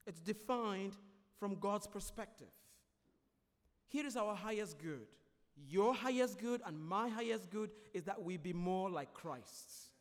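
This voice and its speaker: A man preaching a sermon as pastor, emphatic and repetitive, swinging between loud declarations and quieter explanation. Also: sits high. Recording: long hall reverb.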